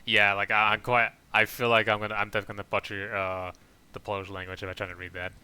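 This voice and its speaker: Guy streaming a game, chatty and rambly, kinda low voice, says he talks too fast. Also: flat delivery, sharp tone, clean tone. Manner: rambling, self-describes talking too fast. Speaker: gaming streamer. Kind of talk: casual gameplay commentary.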